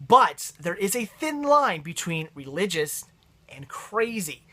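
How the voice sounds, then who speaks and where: Young male vlogger, bright and eager, rambling unboxing chat full of restarts. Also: high-pitched, slow. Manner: excited, rambling, frequent laughs and restarts.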